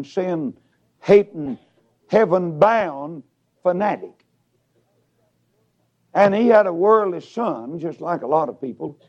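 Shouting preacher, big swings. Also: male voice. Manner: swings from shouted peaks to low mutters, storytelling. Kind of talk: revival sermon. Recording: dull lo-fi sound.

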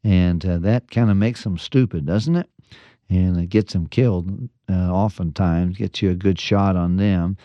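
A man's voice: low voice, measured pace, warm tone, dry recording, highs cut off. A man pastor giving a folksy radio devotional, telling jokes and stories with chuckles and restarts.

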